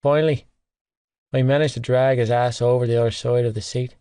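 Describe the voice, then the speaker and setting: A man reading a first-person novel aloud in a wry, even storytelling manner. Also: medium pitch, a little fast, clear, resonant tone, dry recording, clean studio sound. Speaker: audiobook narrator.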